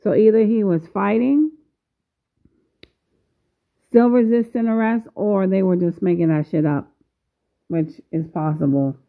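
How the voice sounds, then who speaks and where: Slow-talking woman in her fifties, tinny. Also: medium pitch. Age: 50s. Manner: slow, measured, pausing often. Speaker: vlogger. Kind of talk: casual video commentary. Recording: tinny phone-like sound.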